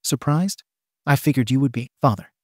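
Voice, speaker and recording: Man voicing a scarred young villain, bitter, accusing, mellow tone, dry sound. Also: mid-range voice, brisk, dry recording, close to an everyday voice. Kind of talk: fan fiction reading.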